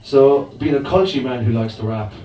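Here the Irish performer's voice is mid-range with a dark tone and moderate pace as he delivers self-mocking, chatty comic rap at an open mic, laughing between lines. Captured in a noisy live room before an audience, the sound is echoey and distant.

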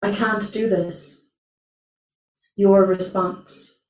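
A young woman performing a spoken word poem at an open mic, slow, deliberate and intense. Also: medium pitch, steady tone, darkish tone. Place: small venue, indoors. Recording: roomy, from far off.

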